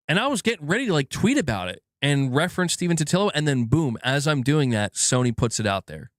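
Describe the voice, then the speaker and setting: A man's voice: a little high, a little fast, dry recording, clean studio sound. A man hosting a gaming channel, ranting on a casual livestream from home and swearing freely. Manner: animated, emphatic, swears freely. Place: alone at home.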